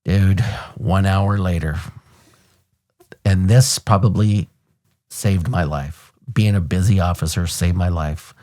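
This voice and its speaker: A man in his fifties from the United States, a podcast host and retired police officer, telling a story in a blunt, animated way and swearing casually. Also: low voice, slow pace. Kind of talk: conversational storytelling.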